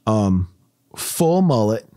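A man's voice: fairly low pitch, very animated, takes it slowly, mellow, dry recording, clean studio sound. A man hosting a casual podcast, telling rambling stories and laughing through his own jokes. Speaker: podcast host.

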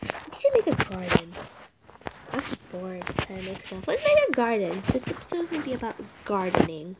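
Young woman, gaming vlogger, awkward rambling commentary, some fry, noisy home mic. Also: mid-range voice, huge pitch swings, normal speed. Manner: rambling, awkward, drops to whispers. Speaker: game vlogger. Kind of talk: casual gameplay commentary.

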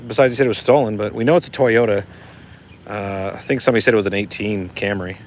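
A man's voice: on the low side, fairly even intonation, fast talker, slight background noise. A man casually chatting on a livestream and reading out viewer comments in a laid-back, laughing way. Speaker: vlogger reading live chat.

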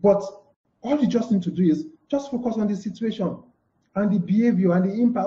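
A man's voice: high voice, sing-song, quick pace, dark tone. A man teaching a live-streamed lesson, who keeps saying "okay" and answers his own questions. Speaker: communication trainer. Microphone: live broadcast mic. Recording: dull echoey room.

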